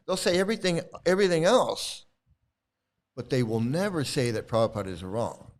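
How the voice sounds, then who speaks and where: Answering his chat during livestream commentary, a man gets combative and keeps repeating himself. He talks a little fast in a medium pitch that swings widely.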